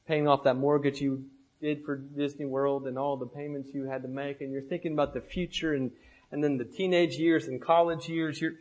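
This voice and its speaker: A young man preaching a sermon with impassioned, rhythmic repetition, often dropping softly at the ends of phrases. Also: a little high, low-quality recording.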